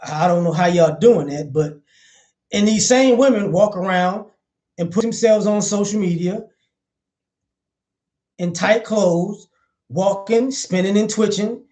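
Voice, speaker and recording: A man's voice: sits high, slow, pauses often, darkish tone. A man giving opinionated commentary in a vlog, blunt and profane, hammering his points with repeated phrases.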